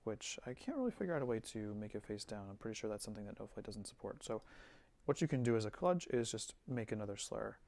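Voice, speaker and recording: A man giving a relaxed screen-recorded music software tutorial, thinking aloud with fillers as he works. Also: on the low side, quick pace, vocal fry, no echo. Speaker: music teacher.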